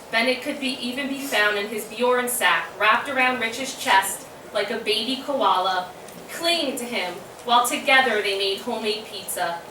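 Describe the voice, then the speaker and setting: A woman delivering a memorial eulogy for her brother, telling fond, wry stories with soft laughs. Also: fairly high pitch. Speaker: eulogist, sister of the deceased. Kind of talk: memorial eulogy read from notes. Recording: echoey room from a distant mic with ambient noise.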